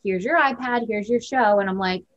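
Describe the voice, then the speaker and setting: A woman's voice: mid-range voice, moderate pace, lo-fi sound. A woman co-hosting a casual talk, relaying stories in a loose, filler-heavy conversational way. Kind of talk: casual podcast chat.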